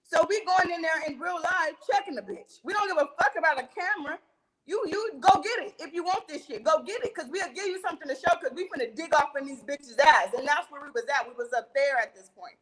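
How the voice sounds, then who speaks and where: High-voiced woman, profane animated storytelling. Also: fast, few pauses, rough recording. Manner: profane, emphatic, acts out quoted arguments. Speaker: reality TV cast member telling a story.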